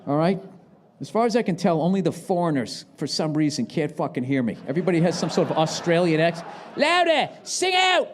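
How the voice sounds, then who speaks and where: A male comedian rants sarcastically on stage, his voice sitting high for a man. He swears freely and bursts into shouts. Faint noise hangs behind his handheld mic in the big venue. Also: fast, a faint crowd. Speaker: stand-up comedian. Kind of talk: live stand-up rant. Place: large live venue with audience. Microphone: handheld microphone.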